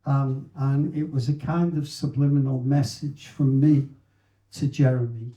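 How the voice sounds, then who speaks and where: An older man, introducing a poem at a live book event in an unhurried, halting way with wry asides. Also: mid-range voice, flat delivery, dark tone, muffled recording. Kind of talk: informal spoken introduction to a poem. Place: live event venue with audience. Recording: echoey live venue room.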